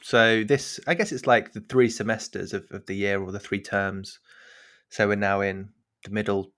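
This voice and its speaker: A man co-hosts a casual discussion podcast with a somewhat low voice. He talks in a wry, hesitant way, leaning on fillers as he lays out his ideas. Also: fairly even intonation, normal speed, a bit bright. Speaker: podcast co-host.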